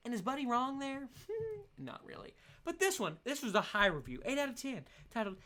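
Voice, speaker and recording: A man's voice: high voice, sing-song, brisk, pushed and bright. A young man hosting his solo podcast in a casual, rambling rant, laughing often. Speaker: podcast host.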